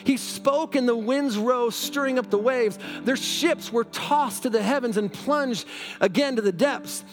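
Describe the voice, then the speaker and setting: A man's voice: very high voice, measured pace. A man preaching a sermon, reading scripture aloud and fervently urging listeners to let God love them now. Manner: fervent, exhorting, repeats "now". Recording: background music.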